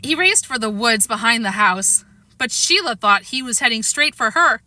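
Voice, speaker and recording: A woman narrating a children's chapter book aloud with expressive delivery. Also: a little high, moderate pace, very noisy. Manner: lively, expressive. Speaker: audiobook reader. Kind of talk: storybook narration.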